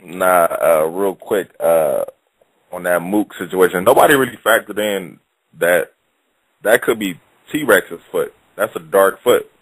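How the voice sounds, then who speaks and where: A man's voice: deep voice, measured pace, a bit bright, breathy edge, no room sound, rough recording. A man from Long Beach calling into a show, needling the host with questions in a drawling way. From Long Beach, California. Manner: drawling, needling, keeps cutting in. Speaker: caller. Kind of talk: taunting phone-in banter.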